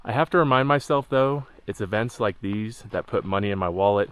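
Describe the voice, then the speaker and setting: A man narrating his long-distance hike in a dry, deadpan vlog style, delivering jokes flatly. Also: fairly low pitch, a little fast, smooth. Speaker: hiking vlogger. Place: outdoors on a mountain trail.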